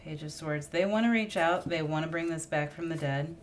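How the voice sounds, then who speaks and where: A woman's voice: low voice, a little fast, noisy background. A woman reading tarot cards in a casual, musing monologue, thinking aloud and getting emotional as she draws cards. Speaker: tarot reader.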